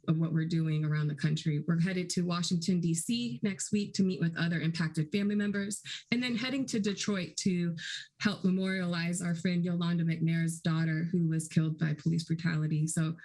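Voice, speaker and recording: An activist woman with a fairly low voice speaks on a panel. She is earnest and measured, laying out her points steadily. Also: darkish tone, rough recording. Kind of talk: panel talk.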